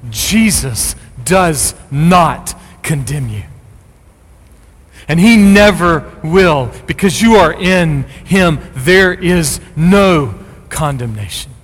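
A middle-aged man preaching a sermon as a pastor, speaking with rising, forceful emphasis on key phrases. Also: a little high, animated, slow, husky, big-room sound.

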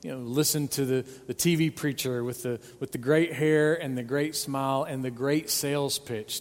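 A man's voice: medium pitch, steady tone, normal speed, hardly any pauses, in a large hall. A man preaching a sermon as pastor, earnest and pleading, stressing points by repeating words. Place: church sanctuary.

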